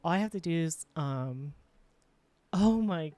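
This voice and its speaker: A woman streaming live, chatting casually while she works, excitable and full of exclamations as she greets her chat. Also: low voice, measured pace, soft background music. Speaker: live streamer and world creator.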